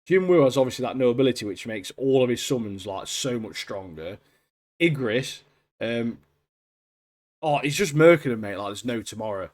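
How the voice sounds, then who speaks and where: Man, podcast co-host, excitable, keeps saying mate, voice drops off at phrase ends, average pitch. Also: normal speed. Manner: excitable, says "mate" constantly, trails off quietly at phrase ends. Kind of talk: casual chat.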